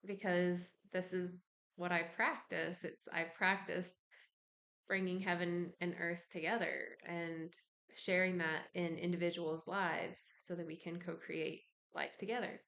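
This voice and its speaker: A woman's voice: lowish voice, little pitch movement, unhurried, fairly bright tone. A woman who works as a spiritual practitioner, talking casually and meanderingly about spiritual ideas to her viewers, with lots of fillers and side tracks. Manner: meandering, with many fillers and digressions. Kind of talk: casual spiritual musing to camera.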